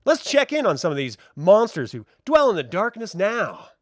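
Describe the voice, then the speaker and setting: A man narrating as game master of a tabletop game, playful and quick to laugh. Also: high voice, huge pitch swings, dry recording, studio quality.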